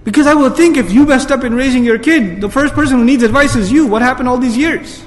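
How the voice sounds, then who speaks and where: A man's voice: very high-pitched, fast talker, long reverb tail. A man giving an urgent religious lecture, pressing the audience with rhetorical questions and reciting Arabic verses. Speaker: Islamic speaker. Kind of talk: lecture sermon.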